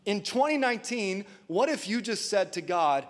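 A male pastor preaching a lively sermon, calling on the congregation for responses. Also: high-pitched, moderate pace. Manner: animated preaching with call-and-response. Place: church sanctuary. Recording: long church hall reverb.

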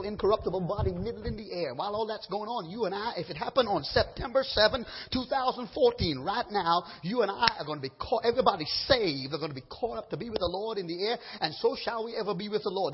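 Man, preacher, sermon, high voice, husky, stammering restarts, long hall reverb, muffled sound.

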